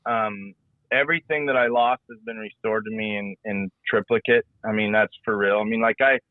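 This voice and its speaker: This former rodeo rider and announcer, a middle-aged man, rambles folksily through a casual podcast conversation and frequently repeats himself. He speaks at normal speed in a fairly low, steady voice, and the dry recording comes through a tinny line like a phone's.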